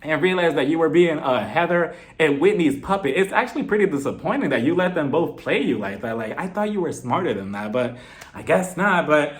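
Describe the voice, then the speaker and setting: A man giving a blunt, animated recap and review of a reality TV episode, swearing freely. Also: fairly high pitch, a little fast. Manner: animated, blunt, swears freely, mimics the cast in put-on voices. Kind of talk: casual commentary.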